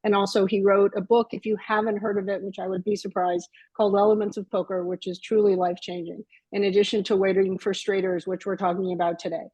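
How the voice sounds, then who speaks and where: A woman co-hosting a podcast, introducing the guest in a measured way. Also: mid-range voice, flat delivery, a little mellow, breathy edge, no echo, rough recording. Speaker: podcast co-host. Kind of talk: casual podcast chat.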